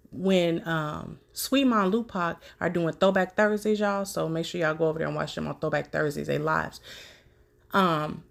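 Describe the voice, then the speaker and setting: A woman hosting a commentary video, talking slowly and chattily to her viewers. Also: lowish voice, gravelly. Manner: slow, drawn-out, chatty. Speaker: commentary channel host.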